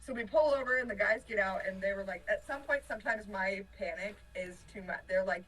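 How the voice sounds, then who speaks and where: A woman from a touring band telling an animated story in a casual interview, laughing often and swinging between excitement and panic. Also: mid-range voice, fairly quick, hardly any pauses, recorded from a distance, rough recording. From United States. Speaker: band member.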